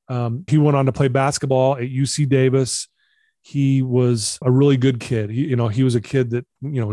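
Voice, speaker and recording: A man's voice: mid-range voice, dark tone, no echo, clean studio sound. A man telling a personal story as a podcast guest, earnest and confessional, acting out the dialogue he quotes. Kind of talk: storytelling interview.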